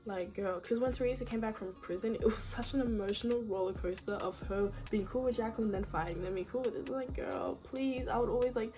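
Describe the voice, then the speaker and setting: A woman's voice: mid-range voice, fairly quick, hardly any pauses, warm tone. Chatty opinionated woman with music behind. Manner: chatty, opinionated, says "like, girl" often. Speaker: reality TV commentator. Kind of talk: casual vlog commentary.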